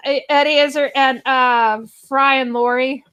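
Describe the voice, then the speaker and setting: A woman's voice: sits high, level tone, a little slow, fairly bright tone, smooth, no room sound, lo-fi sound. A woman with a Texan accent, chatting and teasing on a video call. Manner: joking, teasing, laughs often. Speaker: guest. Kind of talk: casual video-call chat.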